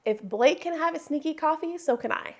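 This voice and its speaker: A woman's voice: sits high, animated, brisk, background noise. A woman hosting a home baking video, chatting along in an upbeat, thinking-aloud way in her kitchen. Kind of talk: casual baking vlog chat.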